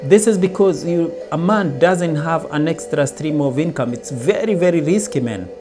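A man's voice: a little high, expressive, moderate pace, music in the background. A man giving a motivational talk, telling it as a story and briefly acting out everyday lines. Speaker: self-help speaker. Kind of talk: motivational monologue.

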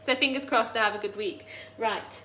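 A woman hosting a chatty live cooking stream from her home kitchen, bubbly and excitable. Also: on the high side, a little hiss or hum. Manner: bubbly, excitable, quick to laugh and tear up. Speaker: cooking livestream host.

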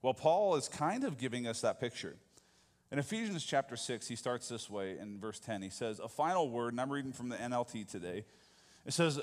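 A man's voice: mid-range voice, expressive, fairly quick. A man preaching a sermon as pastor, talking conversationally and often asking the congregation questions. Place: church sanctuary. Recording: long hall reverb.

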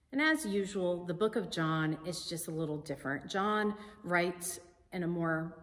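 Woman pastor, sermon, slow and emphatic, middle pitch, long church reverb. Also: a bit bright. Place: church sanctuary.

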